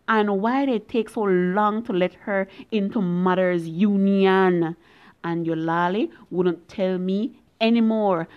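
A woman's voice: medium pitch, dull audio. A woman reading a story in a young girl's voice, full of earnest, pleading questions to her mother. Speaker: reader.

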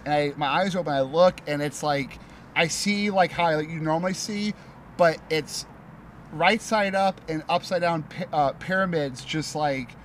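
A man's voice: a little high, moderate pace, slight background noise. A man in a casual podcast chat telling a rambling, profanity-filled story full of "like". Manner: rambling, swearing, many likes. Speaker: podcast guest.

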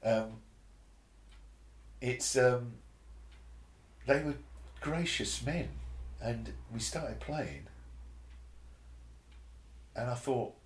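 A man, a bass player telling a story in a casual interview, animated and swearing freely, acting out the voices of others. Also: drawn-out words, long pauses. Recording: roomy echo.

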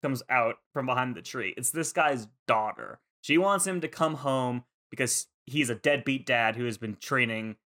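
Podcast co-host, man, relaxed recapper, dry humor, bright timbre. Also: medium pitch, moderate pace, hardly any pauses. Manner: easygoing, laughs often, recaps plot with dry jokes. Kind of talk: casual chat, recapping episode.

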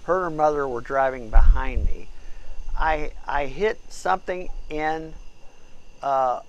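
A man's voice: on the high side, a little slow, muffled recording. A middle-aged man co-hosting a casual outdoor chat show, telling rambling stories full of restarts. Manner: rambling storyteller with frequent restarts. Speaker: podcast co-host. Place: outdoors at night by a fire.

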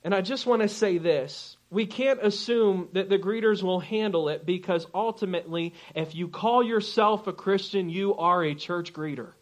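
A man's voice: sits high, normal speed, few pauses. A man preaching a sermon as pastor, telling a personal story and acting out the people in it. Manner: animated storyteller, acts out quoted people.

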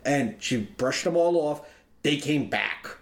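In a roomy, echoing recording, a podcast co-host slowly tells his friends a long, rambling story. His voice is a little high with lively intonation, and the casual chat is loose and profane, with swearing flowing freely.

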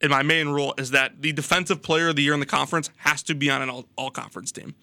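Male co-host, energetic, piercingly bright tone, dry recording. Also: fairly high pitch, quick pace, dry recording. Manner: energetic, lays out rules and segments. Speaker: podcast co-host. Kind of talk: casual sports chat.

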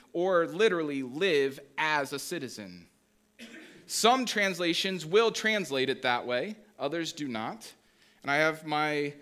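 Pastor, male, fairly high bright voice, chatty sermon delivery, reads scripture aloud. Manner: conversational, asks the congregation questions.

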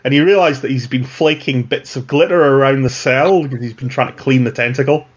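A man's voice: mid-range voice, brisk, highs cut off. A man narrating a tabletop game as game master, rambling and chuckling between lines. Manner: rambling, with fillers and restarts.

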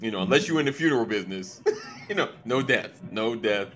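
A man's voice: fairly low pitch, expressive, fairly quick, a bit bright. A man co-hosting a podcast, steering the talk with questions and laughing often. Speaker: podcast co-host. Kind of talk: casual chat.

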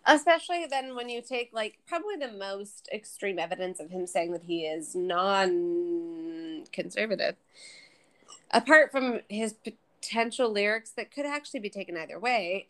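A woman guest on a casual podcast, speaking in a measured, polite way. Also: mid-range voice, fairly bright tone.

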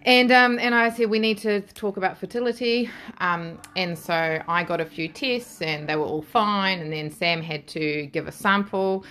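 A woman's voice: mid-range voice, moderate pace, hardly any pauses, a bit bright, slight background noise. A woman in her thirties with a New Zealand accent, telling her story to an interviewer in a frank, laughing way and swearing freely. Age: 30s. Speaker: interview guest. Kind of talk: candid storytelling.

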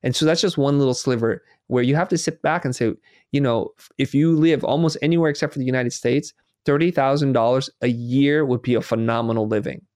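A man's voice: medium pitch, brisk, dry recording. A middle-aged man tells stories in casual conversation, slipping into the voices of people he quotes. His voice sits in a middle register. The recording is dry and close, with no room sound. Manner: animated storyteller, acts out dialogue. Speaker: guest.

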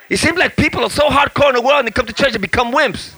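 A man in his fifties, a guest pastor preaching a lively storytelling sermon, acting out voices and shouting lines for effect. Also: extremely high pitch, racing, hardly any pauses. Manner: animated, acts out voices and shouts for effect, laughs often.

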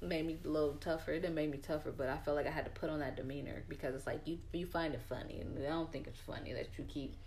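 A woman's voice: sits low, fairly even intonation, quick pace, hardly any pauses, darkish tone, a little hiss or hum. A young woman in a casual chat, talking candidly and full of fillers as she tells her own story.

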